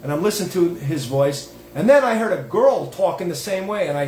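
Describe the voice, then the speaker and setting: A man's voice: high-pitched, animated, a little fast, darkish tone, roomy sound, slight background noise. A man hosting his own show, giving a digressive religious monologue in a folksy, self-interrupting way. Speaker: host.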